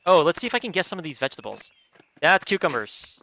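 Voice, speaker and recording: Casual male streamer, bright and edgy, jokey and self-deprecating while he plays. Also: on the high side, big pitch swings, quick pace, creaky, muffled recording, slight background noise. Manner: goofy, self-mocking, swears freely. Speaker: gaming streamer. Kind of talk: casual let's-play commentary.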